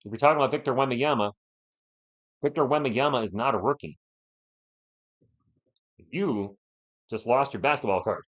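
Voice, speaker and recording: A man's voice: mid-range voice, normal speed, long pauses, highs cut off. A man hosting a fan live stream, calling the game play by play and bantering with the chat. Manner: animated, partisan, banters with chat.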